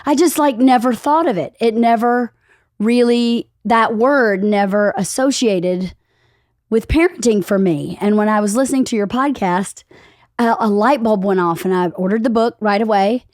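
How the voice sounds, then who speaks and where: A woman's voice: normal speed, darkish tone, no room sound, studio quality. Chatty woman podcast host with a cold. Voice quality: squeaky voice. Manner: chatty, storytelling, enthusiastic. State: recovering from a cold. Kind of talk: casual chat.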